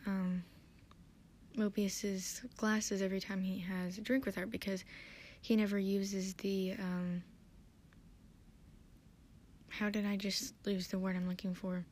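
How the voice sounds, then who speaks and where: A woman's voice: mid-range voice, a little mellow. Rambling, tired-sounding woman podcaster. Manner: rambling, hesitant, self-deprecating. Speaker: podcast host. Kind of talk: casual episode recap.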